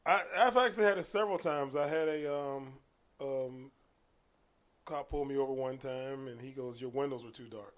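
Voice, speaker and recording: A man telling stories in a casual podcast conversation, animated and acting out the exchanges he recounts, with frequent restarts. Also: medium pitch, normal speed. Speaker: podcast guest, martial arts coach.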